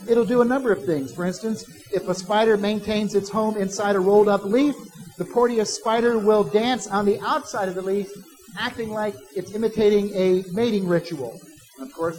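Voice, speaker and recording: Male pastor, high-pitched voice, conversational sermon delivery. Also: a little mellow, poor audio. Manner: conversational preaching, personal asides, quoting imagined voices.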